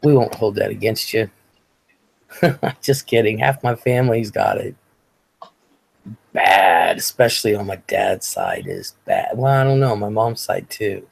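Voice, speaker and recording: With an extremely low, husky voice and vocal fry, an Ohio woman in her forties hosts a relaxed livestream. She speaks unhurriedly in a sing-song way, pausing often as she chats and reads live comments.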